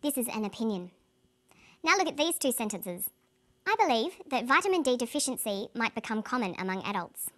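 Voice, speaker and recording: A woman presenting an English pronunciation lesson in a clear, carefully paced scripted delivery. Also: on the high side, big pitch swings, brisk, a bit bright.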